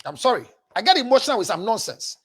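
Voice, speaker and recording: A Ghanaian woman counselor giving blunt, scolding advice and breaking into shouts. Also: on the high side, sing-song, quick pace, husky.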